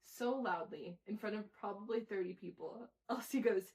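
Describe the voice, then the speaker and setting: A young woman co-hosting a podcast, telling lively stories about her kids and acting out their lines between laughs. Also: mid-range voice, moderate pace. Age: young adult. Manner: animated storytelling, acts out kids' lines, laughs often. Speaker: podcast co-host. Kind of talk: casual chat.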